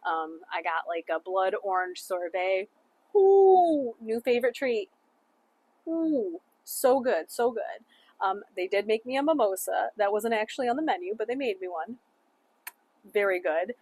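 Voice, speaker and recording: A woman's voice: medium pitch, moderate pace. A young woman chatting casually through a travel story, saying "like" a lot, laughing often and swearing offhandedly. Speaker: travel vlogger.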